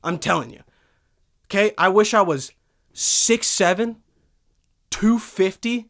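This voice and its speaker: A young man hosting a podcast from a studio, telling a profane, animated comic rant full of swearing. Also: high voice, slow pace, pauses often. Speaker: podcast host.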